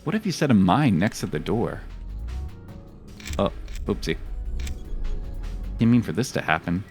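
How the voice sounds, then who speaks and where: A man's voice: lowish voice, big pitch swings, a little slow, darkish tone. A male streamer giving chatty, jokey gaming commentary and swearing freely. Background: faint game music.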